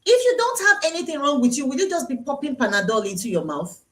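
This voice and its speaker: Lively Nigerian woman dentist on a live stream. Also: sits high, quick pace. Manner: chatty, teasing, repeats key points for emphasis. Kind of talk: live-streamed health talk. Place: dental clinic.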